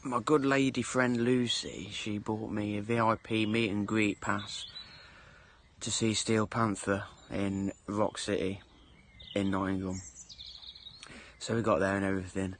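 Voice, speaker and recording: Casting: man, low voice, blunt storyteller, faint birds outdoors behind. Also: little pitch movement, a little slow, a bit bright, a little hiss or hum. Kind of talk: casual anecdote.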